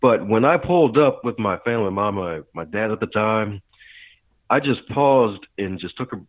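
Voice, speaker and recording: Low-voiced man on a tinny line. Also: normal speed, dry recording. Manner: animated storyteller, breaks into laughter. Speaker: podcast guest, leadership coach. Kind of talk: casual storytelling interview. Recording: tinny phone-like line, dry.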